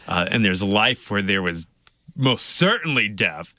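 A man in a casual Bible discussion, talking in lively bursts with frequent restarts. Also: fairly low pitch, takes it slowly, no room sound. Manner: lively, many restarts and "you know".

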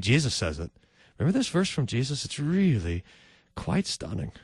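Guy preaching a sermon, acts out all the voices, super lively, dry close mic. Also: mid-range voice, a little fast, husky, dry recording. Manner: animated storytelling, acts out each voice.

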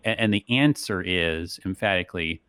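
Male pastor-host, low voice, dry studio, chatty explanatory delivery with "right?" tags. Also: normal speed, a bit bright, clean tone, dry recording. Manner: conversational, frequent "right?" tags. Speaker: radio show host, pastor. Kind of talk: casual theological discussion.

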